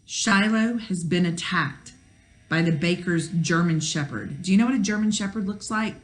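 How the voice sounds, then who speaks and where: A woman's voice: on the low side, normal speed. A woman teacher reading a children's novel aloud, with chatty asides to the kids.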